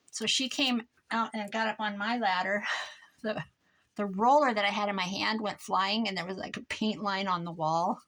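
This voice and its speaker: A woman's voice: medium pitch, a bit bright. An older woman from Iowa telling a rambling story in a casual chat while she crafts at her desk, laughing often. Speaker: crafter vlogger.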